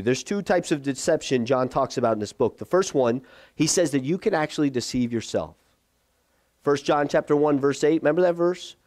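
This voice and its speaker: A man preaching a sermon as pastor, conversational and lively, acting out the voices he quotes. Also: mid-range voice, dry recording, studio quality.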